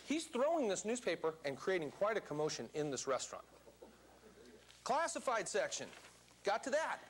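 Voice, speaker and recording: A man telling a story to a live seminar audience, animated and theatrical. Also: high-pitched, moderate pace, slight background noise. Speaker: seminar speaker.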